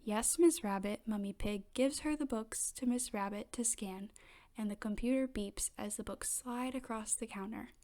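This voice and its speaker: A woman reading a children's picture book aloud in steady, gentle narration. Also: on the high side, normal speed. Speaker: storybook reader.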